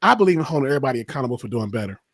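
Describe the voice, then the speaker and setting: A man's voice: medium pitch, big pitch swings, rapid-fire, no room sound, clean studio sound. A man hosting a podcast, talking in an impassioned, emphatic way in casual discussion. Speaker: podcast host.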